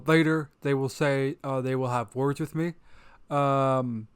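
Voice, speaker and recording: This man has a smooth, crisp voice that sits at a middle pitch. It is recorded close and dry. He delivers a relaxed podcast voice-over aside and stops often for fillers. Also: dry recording. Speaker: podcast co-host.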